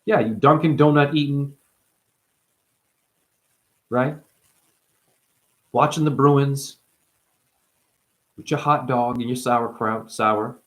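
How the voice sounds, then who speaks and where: Guy riffing spiritual wordplay nonstop, goes quiet then yells out of nowhere. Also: medium pitch, steady tone, slow, pauses often. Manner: free-associating wordplay, jumps between whispers and sudden loud outbursts. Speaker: spiritual speaker. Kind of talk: rambling spiritual monologue.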